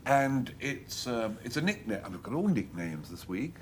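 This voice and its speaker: A man's voice: mid-range voice, big pitch swings, a little slow, a little hiss or hum. A man captaining a panel game team, talking in a hesitant, amused way.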